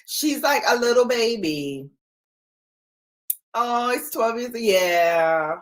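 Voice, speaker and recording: A woman's voice: fairly high pitch, lively intonation, very slow, pauses often. Laughing, chatty woman hosting a livestream. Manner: chatty, laughs often, playful. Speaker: livestream host. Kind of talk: casual chat with live viewers. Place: home.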